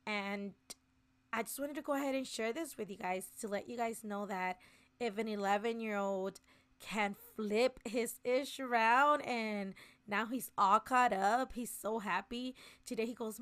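A woman with a fairly high voice talks to her listeners in a casual, earnest way. She sounds encouraging and personal, as if speaking to friends. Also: measured pace, fairly bright tone. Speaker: podcast host. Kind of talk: casual motivational chat.

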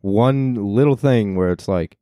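A man's voice: on the low side, measured pace, mellow, no room sound, clean studio sound. A young man co-hosting a podcast, laid-back and profane, with lots of likes. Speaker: podcast co-host. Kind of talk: casual chat.

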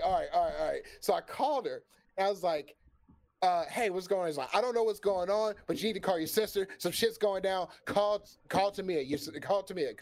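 A man telling a long story in a casual chat, cursing freely and acting out the lines of the people in it. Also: high voice. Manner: animated, profane, acts out quoted dialogue.

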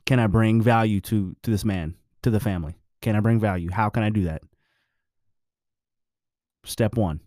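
A man's voice: fairly low pitch, normal speed, pauses often, darkish tone, no echo, studio quality. A married man giving his views in a blunt, preachy, profane casual monologue.

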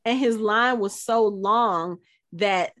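A woman's voice: mid-range voice, slow, fairly bright tone. A woman co-hosting a podcast, telling stories in casual chat with many fillers. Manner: chatty, storytelling, lots of fillers. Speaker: podcast co-host.

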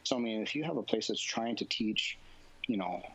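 A man's voice: fairly low pitch, animated, brisk, a bit bright, a little hiss or hum, rough recording. A man, a jiu-jitsu instructor, answering interview questions casually and rambling with lots of fillers and restarts.

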